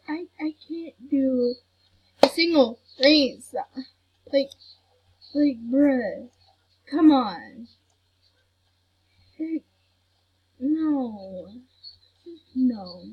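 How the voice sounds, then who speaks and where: A woman's voice: sits high, slightly rough, muffled recording. A woman hosting a gaming channel, chatting casually over gameplay and grumbling that she is not mad. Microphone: computer recording mic.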